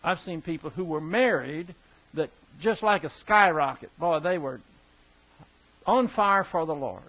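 High-voiced man teaching a Bible lesson. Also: animated, a little slow. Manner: conversational, emphatic, repeats key words. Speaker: preacher. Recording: dull lo-fi recording.

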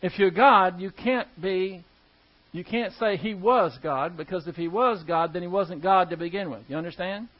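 A man's voice: sits high, normal speed. A male preacher teaching verse by verse in a conversational, emphatic way, repeating key words for stress. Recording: dull lo-fi recording.

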